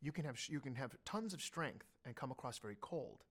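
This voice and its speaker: Man telling a lively anecdote. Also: mid-range voice, a little fast. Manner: animated storyteller who acts out what others said. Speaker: interview guest.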